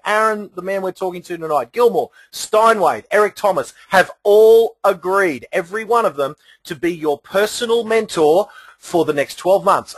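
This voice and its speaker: Husky, high-voiced Australian host. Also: male voice, a bit bright, no echo. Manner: enthusiastic, promotional. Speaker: host, sales trainer. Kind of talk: hosting a webinar.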